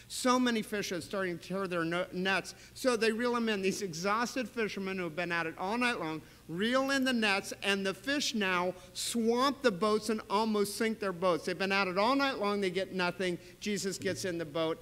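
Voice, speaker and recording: A man preaching in a church sanctuary, his voice high for a man and bright with a forceful edge. He tells his stories with animated swings and sudden loud bursts. Long church reverb trails behind every phrase. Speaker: pastor. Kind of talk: sermon.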